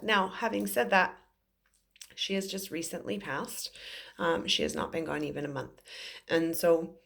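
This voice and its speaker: A woman's voice: mid-range voice, a bit bright. A woman in her forties, a psychic medium, telling an emotional story to camera in an earnest, rambling way with many fillers. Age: 40s.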